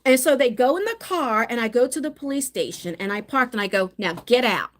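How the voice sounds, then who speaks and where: A woman's voice: a little high, expressive, a little fast. A middle-aged woman chatting casually on a live phone stream, telling family stories with many restarts. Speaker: vlogger.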